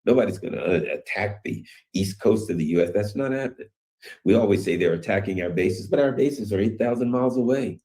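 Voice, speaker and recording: A man's voice: fairly low pitch, lively intonation, brisk, dark tone. A man giving rambling, conversational commentary on world news, full of rhetorical questions. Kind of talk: casual political commentary.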